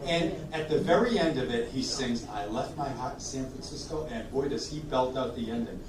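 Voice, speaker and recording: A man's voice: medium pitch, a little fast, crowd noise. A man hosting a live oldies sing-along, chatting jokily between songs and coaxing the audience to join in. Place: community room at a senior living residence. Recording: roomy distant live recording with music.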